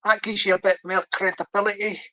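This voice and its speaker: A man's voice: high voice, level tone, quick pace, pushed and bright. A man hosting a casual livestream, talking in a hesitant, rambling way with many restarts. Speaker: livestream host. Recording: dry lo-fi stream audio.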